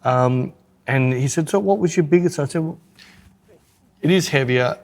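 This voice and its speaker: A man's voice: on the high side, moderate pace, darkish tone. A man co-hosting a podcast in casual chat, joking and self-mocking as he talks through his photography gear.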